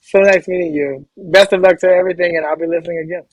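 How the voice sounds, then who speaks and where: Fast-talking, hyper man. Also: high-pitched, steady tone, slight background noise, low-quality recording. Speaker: podcast guest. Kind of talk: casual interview chat.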